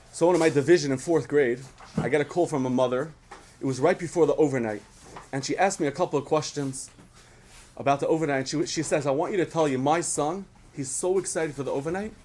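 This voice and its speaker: Brief: male speaker, lively lesson to kids, slightly high voice. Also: fast, slight background noise. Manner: asks the audience questions, animated storytelling. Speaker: speaker at a children's program. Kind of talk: storytelling lesson to children.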